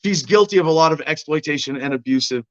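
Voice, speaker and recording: A man's voice: on the high side, lively intonation, fast. A man hosting a casual livestream, talking in a loose, rambling way and hedging as he goes. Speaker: show host. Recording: muffled lo-fi stream audio.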